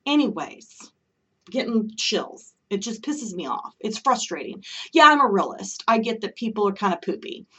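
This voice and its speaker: A woman's voice: medium pitch, big pitch swings, normal speed, a bit bright, husky, distant mic. A woman delivering an impassioned solo monologue, emphatic and ranting, often checking in with "okay?".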